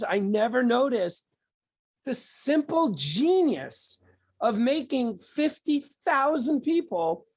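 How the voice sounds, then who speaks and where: A man being interviewed as a guest, explaining his views in a thoughtful, conversational way. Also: extremely high pitch. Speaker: guest, TV producer. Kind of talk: casual interview chat.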